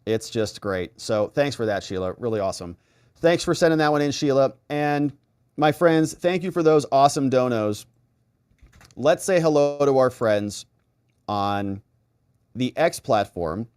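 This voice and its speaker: Brief: middle-aged male stream host, very expressive pitch, chatty and animated, reads viewer comments. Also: unhurried, smooth, no room sound, clean studio sound. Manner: animated, chatty, acts out little exchanges. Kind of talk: casual live-stream chat, reading viewer comments.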